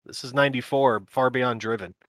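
Bright, dry-voiced man chatting about metal. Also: medium pitch, a little fast, no room sound. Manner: enthusiastic, laughs often. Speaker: podcast co-host. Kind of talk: casual chat.

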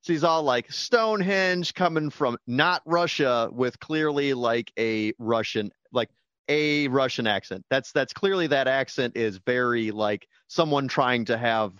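A man co-hosting a casual podcast, rambling excitedly through his favorite scenes with plenty of filler. His voice sits at an average pitch. The recording sounds dull and lo-fi, with a dry, close sound. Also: measured pace, clean tone, dry recording. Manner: rambling, animated, quotes movie lines in put-on voices. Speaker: podcast co-host. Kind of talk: casual movie-review chat.

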